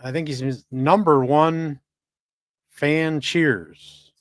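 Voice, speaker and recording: A man's voice: a little high, fairly even intonation, extremely slow, dry recording. A man co-hosting a casual live stream, making dry, wisecracking comments.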